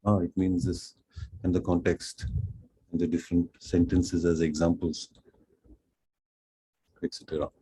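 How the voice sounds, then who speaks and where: A middle-aged man from Pondicherry with an Indian accent, teaching French through an unhurried, self-deprecating storytelling lecture. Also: low voice, flat delivery, dark tone, breathy edge, low-quality recording. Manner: unhurried, self-deprecating, acts out quoted dialogue.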